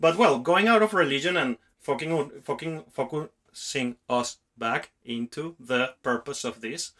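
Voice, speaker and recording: A man's voice: medium pitch, a little slow, fairly bright tone. A man hosting a podcast, musing in a rambling, casual way with frequent restarts. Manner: rambling, restarts often, talks in long musings. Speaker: podcast host.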